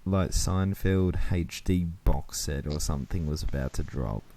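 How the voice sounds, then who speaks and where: A young man co-hosts a casual podcast chat in a very low, dark, mellow voice. He talks in a laid-back, slangy way, tossing in quick remarks. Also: dry recording. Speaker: podcast co-host.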